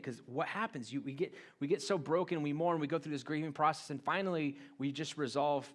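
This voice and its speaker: A man's voice: on the high side, brisk, few pauses. Man preaching in a casual sermon. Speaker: pastor. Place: church auditorium.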